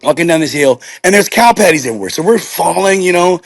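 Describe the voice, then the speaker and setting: A middle-aged man, a podcast guest, telling anecdotes in a casual, lively way and acting out the voices of the people in them. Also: fairly high pitch, fast talker, gravelly. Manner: animated storyteller acting out quotes.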